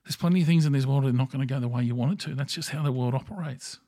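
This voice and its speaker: A man's voice: mid-range voice, rapid-fire, mellow, no room sound, studio quality. A middle-aged man with an Australian accent, hosting a podcast and delivering a blunt, profane, opinionated solo monologue. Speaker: podcast host.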